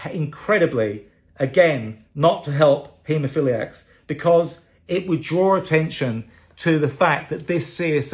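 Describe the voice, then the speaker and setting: A man giving an urgent, indignant address on a live video and repeating phrases for emphasis. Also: a little high. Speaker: campaign advocate on livestream.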